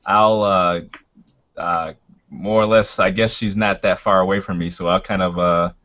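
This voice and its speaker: A man's voice: sits low, fairly even intonation, measured pace, fairly bright tone. A man playing in a tabletop role-playing game, hesitant and thinking aloud as he decides his moves. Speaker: player. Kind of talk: casual tabletop game talk. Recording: dull lo-fi voice chat audio.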